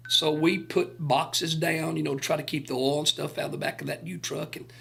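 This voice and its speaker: Gravelly older man telling a story. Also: on the high side, steady tone, fairly quick, fairly bright tone. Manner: folksy, earnest storyteller acting out quoted voices. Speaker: gospel singer recalling touring days. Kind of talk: casual radio storytelling.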